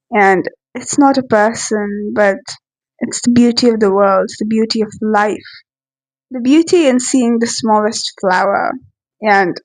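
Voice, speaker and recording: A woman giving a casual, reflective reading and analysis of a poem, musing aloud with pauses and restarts. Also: mid-range voice, poor audio. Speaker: poetry reviewer.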